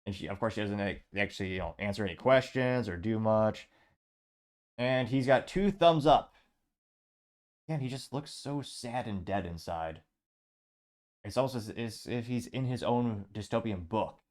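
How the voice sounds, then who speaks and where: A male show host reading out social media comments and tallying their likes, dropping sarcastic asides between them. His voice sits on the low side, and his delivery is wry and casual. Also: moderate pace, darkish tone. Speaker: podcast host.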